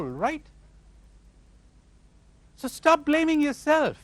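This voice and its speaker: A man giving a spiritual lecture to a live audience, animated and questioning his listeners, acting out imagined replies. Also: high-pitched, dry recording. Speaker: spiritual teacher.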